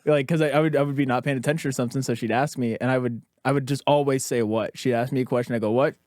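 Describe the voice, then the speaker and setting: A man's voice: medium pitch, fairly even intonation, very fast, darkish tone, no room sound, clean studio sound. A man co-hosting a comedy podcast, telling stories animatedly, acting out quotes and swearing. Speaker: podcast co-host. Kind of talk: casual comedic storytelling.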